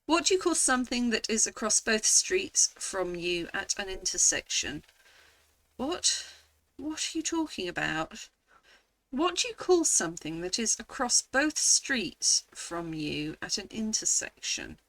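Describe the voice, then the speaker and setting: A woman's voice: medium pitch, very animated, a little slow, hardly any pauses, fairly bright tone. A woman with an English accent, a vlogger talking casually through an online quiz, thinking aloud, sounding words out and exclaiming in disbelief.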